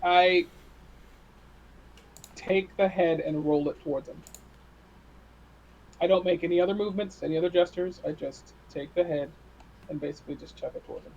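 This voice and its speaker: A man's voice: sits high, steady tone, normal speed, long pauses, darkish tone, muffled recording. A man playing his character in a tabletop game, brash and profane, laughing often. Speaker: player. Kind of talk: tabletop role-play.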